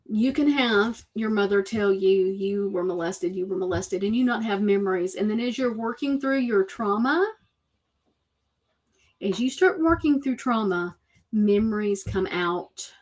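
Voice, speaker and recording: A woman's voice: fairly high pitch, unhurried, long pauses. Woman, show host, emphatic casual talk, repeats points for effect.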